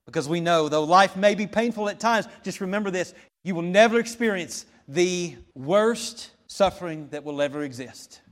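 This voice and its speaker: A man preaching a sermon as pastor, impassioned and building to shouts at the peaks, then settling into calm teaching. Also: a little high.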